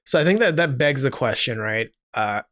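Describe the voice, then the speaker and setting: A man's voice: mid-range voice, animated, moderate pace, a bit bright. Easygoing man thinking aloud on a podcast. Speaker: podcast co-host. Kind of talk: casual chat.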